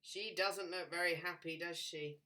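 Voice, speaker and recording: A woman teacher reading a picture book aloud to children, expressive and slow, pointing out the pictures. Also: on the low side, distant mic.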